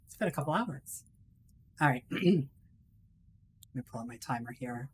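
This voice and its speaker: A woman's voice: very deep voice, lively intonation, moderate pace, a little hiss or hum. A woman streamer chatting casually to her viewers while gaming, swearing freely and laughing often. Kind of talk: casual live-stream chat.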